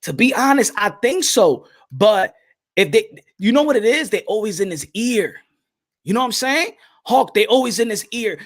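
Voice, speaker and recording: A man giving opinionated boxing commentary in an animated, repetitive way, often restarting his phrases. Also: high-pitched, moderate pace.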